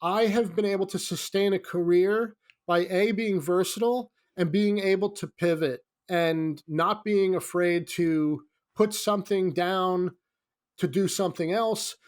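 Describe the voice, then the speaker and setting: A middle-aged man, a screenwriter guest, telling a comic anecdote in a lively, animated way. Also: sits high, unhurried. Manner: lively, comic storytelling with acted-out quotes.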